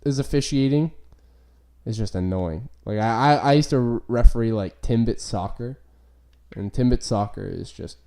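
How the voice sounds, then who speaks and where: A man's voice: mid-range voice, moderate pace, creaky, mellow. A young man, hosting a podcast and rambling through casual stories with lots of swearing and "like" fillers. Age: young adult. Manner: rambling, profane, full of "like" fillers. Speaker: podcast host. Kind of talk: casual chat.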